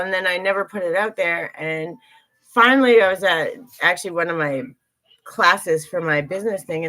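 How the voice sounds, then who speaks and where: A woman's voice: on the low side, fairly bright tone. Earnest woman hosting a live stream. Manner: earnest, emotional, swears casually, greets viewers mid-talk. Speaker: livestream host, intuitive reader.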